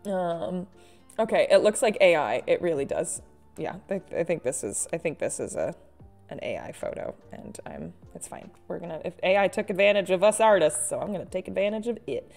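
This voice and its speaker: A woman's voice: on the low side, sing-song, fairly quick, gravelly, a little mellow, faint music behind. Chatty self-mocking woman artist streaming. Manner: chatty, self-mocking, with frequent laughs and sighs. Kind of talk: casual live-stream chat while drawing.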